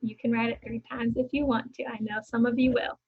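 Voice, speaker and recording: Young female teacher, slightly high voice, slow phonics delivery, encouraging, muffled home recording. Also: flat delivery. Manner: slow, clearly sounding out words and letters; encouraging, repeats words for students to echo. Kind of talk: phonics lesson for young children.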